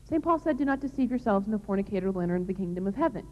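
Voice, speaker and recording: A woman's voice: medium pitch, expressive, racing. Earnest woman speaking in a reverberant hall. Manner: earnest, emphatic, plain-spoken. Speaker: speaker on chastity. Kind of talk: religious talk to young people. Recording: dull lo-fi recording in a reverberant hall.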